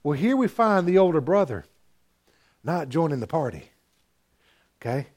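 A man preaching a sermon as pastor, retelling a parable with animated storytelling and acted-out voices. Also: a little high, normal speed. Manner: animated storytelling, acting out characters.

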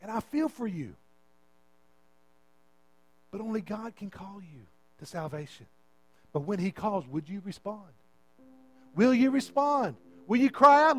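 A man's voice: sits high, lively intonation, unhurried, long pauses, fairly bright tone. A male pastor preaching an impassioned sermon into a handheld microphone in a church, pleading with his listeners. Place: church sanctuary.

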